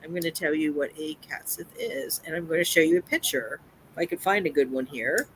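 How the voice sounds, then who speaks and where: Stream host, crisp bright tone; casual live chat, reads folklore text with restarts. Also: mid-range voice, fairly quick, a little hiss or hum, rough recording. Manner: reads from an article with frequent restarts.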